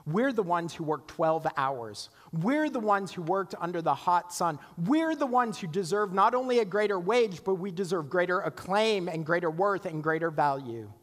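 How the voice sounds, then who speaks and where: A man's voice: high-pitched, animated, moderate pace, few pauses, a bit bright, big-room sound. A man pastor preaching a sermon, conversational, asking the congregation rhetorical questions and acting out the voices of grumblers.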